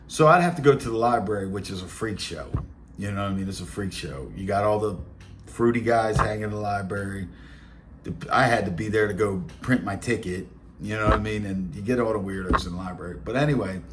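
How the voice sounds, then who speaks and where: A man's voice: lowish voice, a little hiss or hum. A man in his late forties with a Baltimore accent, telling rambling streetwise stories in a blunt, casual way. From Baltimore, Maryland. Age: 40s. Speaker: podcast host. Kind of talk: casual storytelling monologue.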